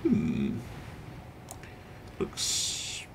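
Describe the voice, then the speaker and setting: A gaming channel host speaks extremely slowly as he gives relaxed commentary, hesitating with fillers while he thinks aloud about his choices. Slight background noise is present.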